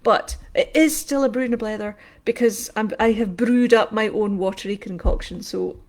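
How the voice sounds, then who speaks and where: A woman's voice: mid-range voice, normal speed. A woman hosting a casual craft livestream from home, rambling from topic to topic, laughing often and greeting viewers by name. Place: indoors at home.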